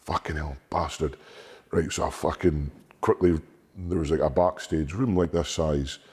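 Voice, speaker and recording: A man, a strongman guest, telling stories candidly in an interview, sweary and animated, often repeating words. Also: extremely low pitch, normal speed, husky.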